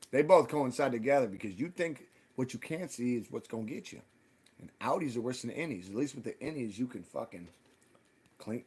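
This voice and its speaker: A man hosting a live stream, ranting in casual, profane talk and jumping loud and high when he quotes people. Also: husky. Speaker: livestream host.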